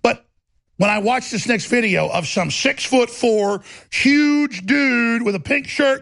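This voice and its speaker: Gravelly high-pitched ranting man. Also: takes it slowly, fairly bright tone, no echo. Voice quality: gravelly, raspy. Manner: ranting, mocking, acts out others' voices. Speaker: talk show host. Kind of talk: heated monologue.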